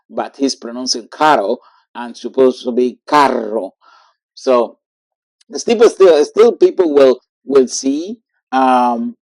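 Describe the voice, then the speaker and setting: Slow, halting teacher. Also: mid-range voice, darkish tone, no room sound. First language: Spanish. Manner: halting, with many fillers, repeats words slowly for drilling. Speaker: Spanish teacher. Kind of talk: online language lesson.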